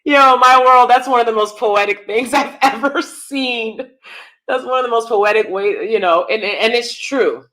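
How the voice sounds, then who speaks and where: A woman's voice: a little high, a little slow, a bit bright. A woman hosting live-stream commentary, blunt and emphatic, often repeating herself. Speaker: commentary channel host.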